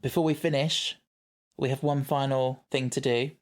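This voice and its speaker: A man's voice: mid-range voice, steady tone, normal speed. A man co-hosting a casual podcast chat, reading listener messages aloud. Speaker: podcast co-host.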